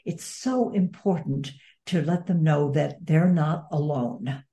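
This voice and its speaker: Speak as a woman guest in a heartfelt interview. Your voice sits low and mellow, and you talk earnestly and reflectively, weighing each thought. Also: slow. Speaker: guest author and advocate. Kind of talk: interview conversation.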